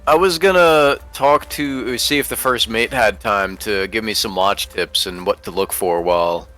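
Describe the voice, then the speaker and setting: A man playing a tabletop game, speaking his character's lines in a formal, measured way. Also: on the low side, pushed and bright. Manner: formal, slow in-character speech. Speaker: player. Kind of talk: in-character tabletop role-play.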